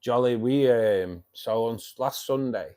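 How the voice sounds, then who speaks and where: A man's voice: medium pitch, measured pace, warm tone. A man in his fifties with a Mancunian accent, chatting casually with viewers on a fishkeeping livestream and calling them "mate". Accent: Mancunian English. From England, Manchester. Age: 50s. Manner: chatty and matey, keeps saying "mate". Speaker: livestream host of a fishkeeping club.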